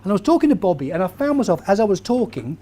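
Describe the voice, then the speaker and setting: A man, giving a lively motivational talk to a live audience and quizzing the crowd as he tells stories. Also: sits high, very fast. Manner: animated storyteller, quizzes the crowd. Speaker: keynote speaker.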